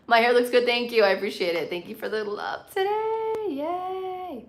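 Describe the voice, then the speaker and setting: A woman's voice: mid-range voice, quick pace, reverberant. Bilingual woman streamer reading chat. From Puerto Rican and Colombian, living in the US. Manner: puts emphasis on words, bilingual speaker. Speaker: live streamer. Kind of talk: casual live-stream chat reading comments.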